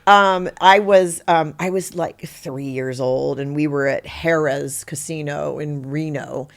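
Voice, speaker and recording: A middle-aged woman, an actor guest on a podcast, telling stories in a lively, conversational way and acting out the quotes in them. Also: low voice, slow, vocal fry. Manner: animated, acts out quotes in her story, laughs easily. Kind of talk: conversational interview storytelling.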